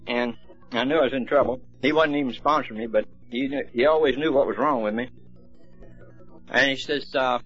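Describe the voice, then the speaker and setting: A man's voice: medium pitch, brisk, a bit bright, breathy edge. A man speaking at a recovery meeting, telling stories in a folksy, plainspoken way. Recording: dull lo-fi recording, faint music.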